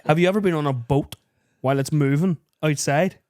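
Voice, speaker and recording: A man co-hosting a casual podcast, spinning a comic story with a slightly high-pitched voice. He swears freely, laughs through his own punchlines and slips into the voices of the people in his tale. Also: brisk. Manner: animated anecdote-telling, heavy swearing, laughs mid-story, acts out others' lines. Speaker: podcast co-host.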